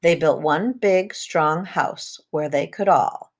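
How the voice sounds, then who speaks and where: A woman reading a children's storybook aloud, with lively sound effects and rhythmic repetitions. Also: sits low, slow.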